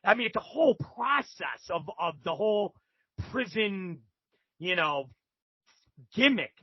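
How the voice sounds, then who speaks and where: A man's voice: high-pitched, sing-song, measured pace, breathy edge, no echo, dull audio. A man as a podcast guest, telling rambling, profane stories with many restarts. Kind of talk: casual storytelling.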